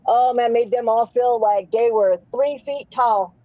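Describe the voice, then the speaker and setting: A woman's voice: on the high side, measured pace, no echo. A woman hosting a live panel, telling crude comic stories in a rambling way, full of restarts. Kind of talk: rambling comedic storytelling. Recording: dry, slightly muffled stream audio.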